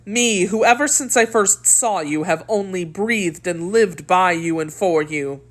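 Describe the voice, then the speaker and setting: A woman voicing a young male swordsman in an audiobook, earnest and flattering. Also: lowish voice, unhurried. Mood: ardent.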